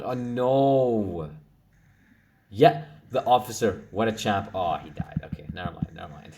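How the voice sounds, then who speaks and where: Low-voiced young man, excitable commentary. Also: normal speed, vocal fry, background noise. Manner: excitable, swears when frustrated. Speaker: gaming channel host. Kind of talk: gameplay commentary.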